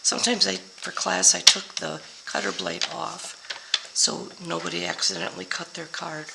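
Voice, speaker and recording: A woman's voice: lowish voice, little pitch movement, normal speed, creaky. An older woman with a scratchy voice from being ill, chatting her way through a card-making tutorial and sometimes losing track of product names. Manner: chatty, forgets product names mid-sentence. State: scratchy voice from a week-long illness. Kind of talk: crafting tutorial.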